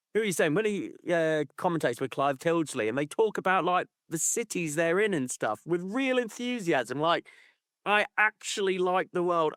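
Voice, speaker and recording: Male podcast co-host, lively swinging pitch, laughs a lot, swears, casual banter. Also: no room sound, studio quality. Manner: animated, laughing, swears freely. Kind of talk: casual chat.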